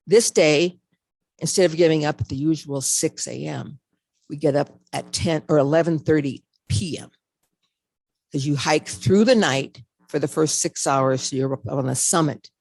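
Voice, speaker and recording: Brief: older woman, fairly low voice, dry close sound, animated storyteller. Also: no room sound. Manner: animated storytelling, acts out her own reactions. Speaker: speaker. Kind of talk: motivational talk.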